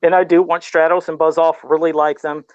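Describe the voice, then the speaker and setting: A man's voice: on the high side, level tone, brisk, dry recording, highs cut off. A middle-aged man in casual podcast chat, laid-back and self-deprecating, often laughing at himself while talking about toy customs.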